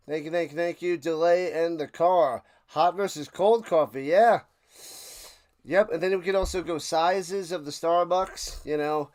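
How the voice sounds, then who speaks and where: A man streaming a live watch-along, rambling between plays and shouting out big plays. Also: a little high, measured pace, creaky. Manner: rambling chatter with sudden shouted play calls.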